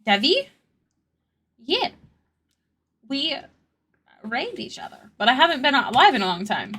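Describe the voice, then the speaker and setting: A woman streamer chats casually with her viewers, her fairly high voice bright and sharp. Her pitch swings lively up and down, and she stutters now and then. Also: a little slow, breathy edge. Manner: chatty, thanks viewers and answers chat; stutters at times. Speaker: art streamer. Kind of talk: casual live-stream chat.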